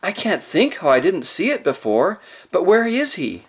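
An excitable young boy king cries out in a high, eager voice, as a male narrator puts him on. His lines jump up in pitch, breathless with wonder. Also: moderate pace, slightly rough, heavily acted. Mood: puzzled.

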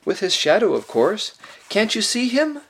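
A kind young girl answers softly and calmly in a raised voice, as a male narrator puts her on. She sounds gentle and sure. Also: sits high, normal speed, creaky, breathy edge, voice pushed up, heavily acted.

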